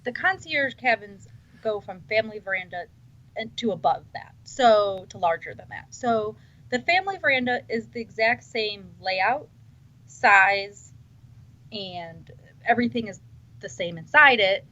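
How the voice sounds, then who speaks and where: A woman's voice: mid-range voice, expressive, a little slow, bright, forceful tone. A woman chatting casually on a podcast, enthusiastic and restarting her sentences often. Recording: dull lo-fi sound.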